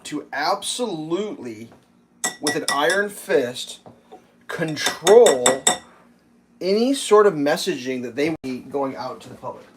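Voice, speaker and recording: A man with a fairly high voice talks in a casual, rambling way, full of fillers and swearing. He chats loosely while cooking. Faint kitchen noise sits behind him. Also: lively intonation, measured pace, rough recording. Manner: rambling, profane, filler-heavy. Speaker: livestream host.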